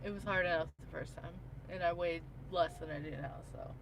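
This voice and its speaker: A woman co-hosting a casual livestream, speaking in a calm, reflective way. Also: lowish voice, a little fast, background noise. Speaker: vlog co-host.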